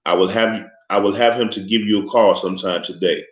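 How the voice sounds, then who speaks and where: A man's voice: fairly low pitch, steady tone, close to an everyday voice. A man voicing an older, formal crime boss who speaks with a thick accent in a storybook reading. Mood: courteous. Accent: thick foreign accent. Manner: formal, polite, unhurried speech. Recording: echoey, slightly muffled room recording.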